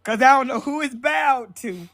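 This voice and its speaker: A woman's voice: high voice, lively intonation, moderate pace, fairly bright tone, no echo. Woman, caller, emphatic, preachy, repeats herself, dry close sound. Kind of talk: casual call-in commentary.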